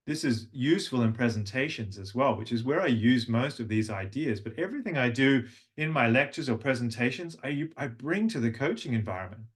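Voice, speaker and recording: A man leads an online voice workshop, speaking at an ordinary middle pitch. He explains breath and tone in a chatty way, often restarting his sentences. The sound is a plain video call mic. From Australia. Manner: demonstrates humming and vocal tones, chatty with restarts. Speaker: voice and language coach. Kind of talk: online workshop lecture with vocal demonstrations.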